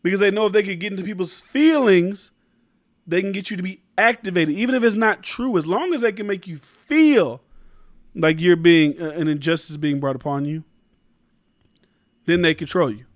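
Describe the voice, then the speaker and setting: A man's voice: high-pitched, normal speed, no echo, clean studio sound. A man hosting his own commentary show, talking emphatically and rambling, swearing freely and often restarting his sentences. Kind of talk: casual opinion commentary.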